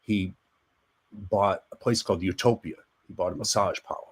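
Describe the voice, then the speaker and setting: A man's voice: deep voice, normal speed, husky. A middle-aged man, a guest actor, telling rambling stories in casual chat and acting out the quotes. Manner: rambling, animated storyteller, acts out quotes. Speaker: guest, actor and army veteran.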